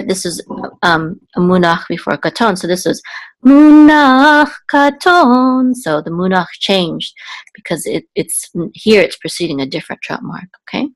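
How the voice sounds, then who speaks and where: A woman teaching Biblical Hebrew reading, explaining slowly with fillers and self-corrections, then chanting the marks in a higher sung voice. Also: gravelly, poor audio.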